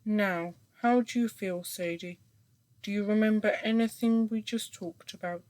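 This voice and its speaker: A woman voicing a calm, condescending male hypnotherapist in a story reading, talking in a slow, soothing, coaxing way. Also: medium pitch, lightly acted.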